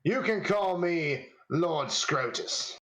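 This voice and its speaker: A man voicing a huge, muscular human fighter with a booming, hearty Australian accent. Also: expressive, takes it slowly, fairly bright tone.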